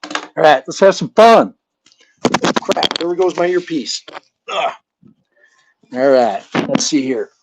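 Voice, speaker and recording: A man's voice: a little high, lively intonation, slow pace, long pauses, background noise. A man hosting his channel in a casual live chat, rambling and joking with a chuckle. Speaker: channel host. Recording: dull lo-fi sound.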